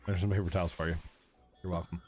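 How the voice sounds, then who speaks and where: A man's voice: low-pitched, level tone, fast, over music. Sick man chatting on a game stream. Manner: joking, self-amused. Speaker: streamer and host. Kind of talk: casual chat while streaming a game.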